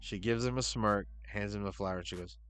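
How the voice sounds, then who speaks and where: Profane man recapping wrestling, low voice. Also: a bit bright, clean tone, faint music behind. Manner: profane, quick quoting of wrestlers in loose impressions. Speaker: podcast host.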